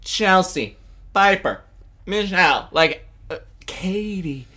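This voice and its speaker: A man's voice: sits high, expressive, slow pace, bright, forceful tone. A man co-hosting a casual pop-culture podcast, catty and theatrical, swearing a lot and mimicking the people he talks about. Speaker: podcast co-host.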